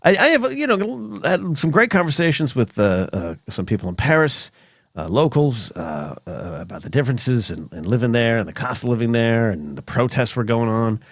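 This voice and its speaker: A man's voice: medium pitch, sing-song, normal speed, no echo, studio quality. Rambling middle-aged man. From United States. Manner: rambling, chatty storytelling with many asides. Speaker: podcast host. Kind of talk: solo rambling podcast monologue.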